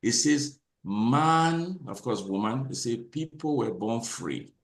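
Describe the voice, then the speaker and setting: A man hosting a motivational talk, speaking with a preacher-like, emphatic delivery that rises into loud, repeated lines. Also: lively intonation, takes it slowly, reverberant. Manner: preacher-like, swings to loud high emphatic repetition. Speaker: host.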